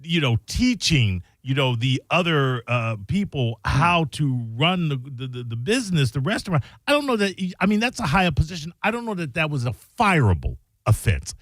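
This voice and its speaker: Halting man co-hosting talk radio. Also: on the high side, sing-song, a bit bright, dry recording. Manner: halting, many restarts, mock-formal wording. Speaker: radio co-host.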